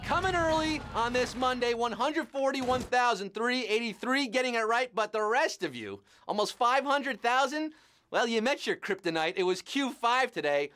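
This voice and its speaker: A man hosting a live quiz show, reading out questions and answers with a steady stream of puns and jokes. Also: extremely high pitch, normal speed, slight background noise. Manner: punning, joking, playful.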